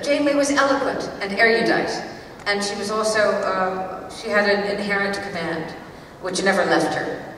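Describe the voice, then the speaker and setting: A woman in her sixties answering fan questions on a convention panel, with a theatrical, emphatic and measured delivery. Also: mid-range voice, fairly bright tone. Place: large convention hall with audience. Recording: distant, echoey hall recording with crowd noise.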